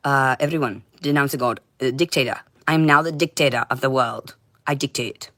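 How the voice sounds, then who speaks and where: A woman streaming a rambling monologue, intense and profane, swinging between shouting and muttering. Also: a bass voice, dry recording. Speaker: livestreamer.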